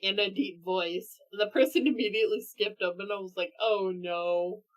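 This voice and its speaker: A woman's voice: medium pitch, fairly quick, rough recording. A woman chatting casually as a guest on a stream, easygoing and giggly. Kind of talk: casual chat.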